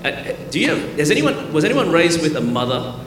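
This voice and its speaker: A man preaching a lively, humorous sermon, joking with the crowd and building to loud call-and-response. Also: fairly high pitch, fairly quick. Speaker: pastor. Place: large church hall. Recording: echoey hall with keyboard music.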